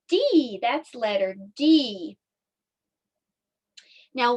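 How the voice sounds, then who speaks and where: A middle-aged woman leads a children's circle time lesson in a slow, sing-song way. Her voice sits a little high, and she draws each word out for small listeners. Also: expressive. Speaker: preschool teacher.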